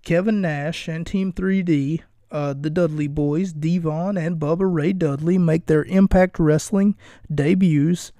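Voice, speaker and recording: A man's voice: on the high side, fairly even intonation, unhurried, dark tone, no echo. A man hosting his own podcast, recapping and bantering in a wry, rambling, profane, self-mocking way. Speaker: podcast host.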